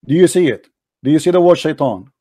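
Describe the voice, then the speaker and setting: A man's voice: fairly high pitch, lively intonation, quick pace, warm tone, no echo, studio quality. A man hosting a heated debate, repeating questions and interrupting his opponent. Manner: repetitive, pressing, interrupting. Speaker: debate host.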